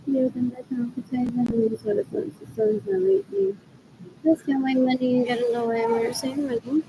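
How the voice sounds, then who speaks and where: A woman's voice: high-pitched, expressive, moderate pace, gravelly, background noise. A woman talking alone to camera in a drifting, repetitive monologue, slipping in Spanish phrases. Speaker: vlogger. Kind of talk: rambling monologue.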